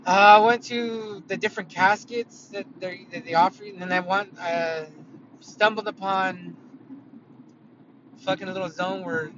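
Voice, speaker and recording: Casting note: a man with a high voice for a rambling, profane casual story. Dull lo-fi audio from inside a car. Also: noisy background. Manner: rambling, heavy swearing, many fillers.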